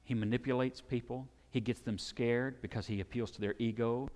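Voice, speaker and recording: Man, preacher, animated sermon, conversational, mid-pitched voice, long hall reverb. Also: normal speed. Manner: animated, acts out crowd shouts and quotes. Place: church sanctuary.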